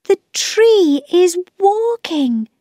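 Woman voicing a scared little girl, much higher than her reading voice, slow and anxious, storybook, dry sound. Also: sing-song, mellow, no echo, exaggerated voice. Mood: frightened. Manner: high, anxious, drawn-out. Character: frightened young girl.

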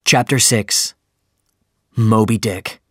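A man narrating a simplified sea novel in a slow, clear, even storytelling manner. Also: lowish voice, no room sound, clean studio sound. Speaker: audiobook narrator.

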